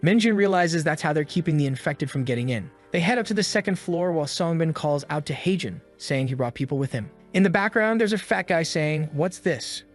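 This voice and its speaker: A man's voice: fairly high pitch, lively intonation, a little fast, hardly any pauses. A man narrating a comic story recap, with snarky asides. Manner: snarky and commenting. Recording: faint music behind.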